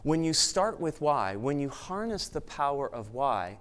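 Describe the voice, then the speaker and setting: A man's voice: on the high side, measured pace. A man giving an earnest, emphatic motivational talk at a conference, speaking to an audience in a room. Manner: earnest, emphatic, acts out excited voices.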